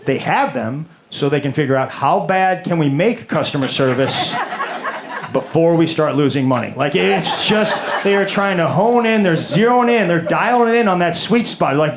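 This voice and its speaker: A man's voice: a little high, lively intonation, moderate pace. A man doing a stand-up comedy set, rambling and exasperated, repeating his words as he rants. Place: comedy stage with live audience. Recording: roomy club with audience noise.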